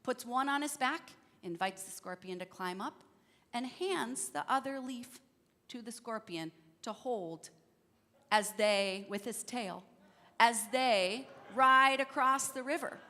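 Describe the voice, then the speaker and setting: A woman tells a story during a church service, gentle and engaging her listeners with questions. Her voice is high and bright, her pace unhurried. The long reverb of a church hall follows her. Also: expressive. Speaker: worship leader. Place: church sanctuary.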